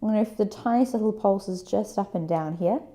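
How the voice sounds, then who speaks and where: A woman fitness instructor leading a workout, giving calm breathing and movement cues with chatty asides. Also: mid-range voice, fairly quick.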